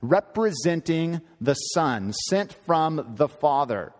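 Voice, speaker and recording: A man's voice: a little high, expressive, moderate pace, a little mellow, long reverb tail. A man preaching a sermon in an earnest, emphatic teaching manner, often repeating and correcting himself.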